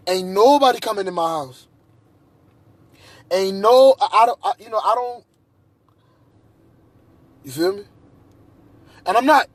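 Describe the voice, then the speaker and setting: A man's voice: high-pitched, slightly rough, dry recording. A man in a heated personal monologue, agitated and repeating himself. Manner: agitated, repetitive, restarts often. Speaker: vlogger.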